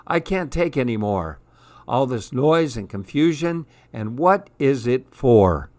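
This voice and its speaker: A man's voice: medium pitch, lively intonation, takes it slowly, darkish tone, dry recording. A man doing Billy McGill, grumpy loner. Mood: exasperated. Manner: gruff, insistent. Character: grumpy solitary man guarding his hill.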